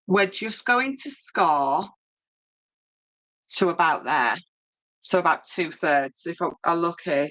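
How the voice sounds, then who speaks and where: A chatty Yorkshire woman leading a live papercraft tutorial, answering viewers as she works. Her voice sits low for a woman yet has a bright, forceful edge. She talks casually, with plenty of ums and restarts. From Yorkshire, England.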